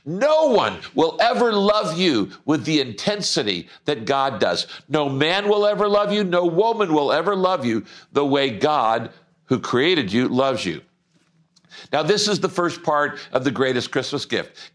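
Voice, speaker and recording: A man preaching a Christmas morning sermon as a pastor, slowing down and stressing key words for emphasis. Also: a little high, big pitch swings. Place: church.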